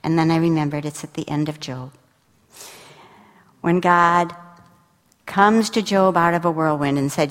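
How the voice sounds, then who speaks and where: A woman Bible teacher giving a sermon, telling personal stories with intimate warmth and dropping to a soft whisper when she speaks the words of God. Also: low-pitched, a little slow, pauses often. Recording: reverberant hall.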